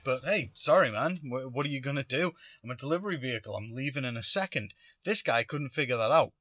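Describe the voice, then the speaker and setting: A man's voice: medium pitch, bright, forceful tone, no room sound, clean studio sound. A man hosting a podcast, telling a story casually and animatedly, acting out quotes. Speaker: podcast host.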